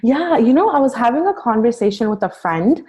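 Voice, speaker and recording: A woman's voice: fairly high pitch, big pitch swings, fairly quick, mellow. A young adult woman, a life coach, talking as a guest in a casual podcast conversation, earnest and encouraging, with many fillers.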